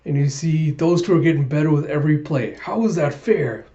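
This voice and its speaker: A man's voice: a little high, a little fast, dark tone, muffled recording. A young man hosting a podcast, chatting and giggling as he recaps a manga chapter. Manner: chatty, giggly, retells scenes with quoted voices. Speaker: podcast host.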